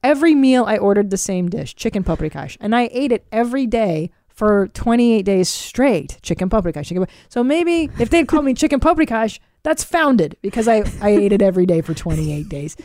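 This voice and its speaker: A woman's voice: on the high side, animated, moderate pace, few pauses, a little mellow, no echo. Teasing woman podcast host, dry sound. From Hungarian family. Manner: playful, teasing, swears. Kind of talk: casual chat.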